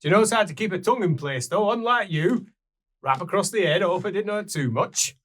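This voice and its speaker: A man voicing a gruff, blunt older dwarf woman who scolds freely. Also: high voice, expressive, brisk, fairly bright tone, voice pushed up. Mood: scolding.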